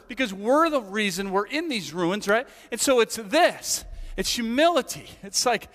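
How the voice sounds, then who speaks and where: A man preaching a sermon in a relaxed, chatty way, often checking in with "right?" His voice sits high and swings widely in pitch, and it carries through a big sanctuary with a long hall reverb. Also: measured pace. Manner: conversational, animated, asks rhetorical questions. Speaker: pastor.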